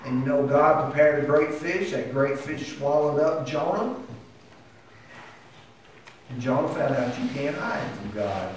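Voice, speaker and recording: A man's voice: a little high, measured pace, pauses often, a little hiss or hum. A man preaching a sermon with impassioned delivery that climbs to emphatic peaks. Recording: echoey hall heard from a distance.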